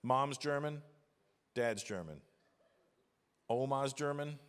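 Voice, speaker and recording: A man's voice: mid-range voice, takes it slowly, smooth. A male stand-up comedian, brash and teasing the crowd, on a noisy live stage recording.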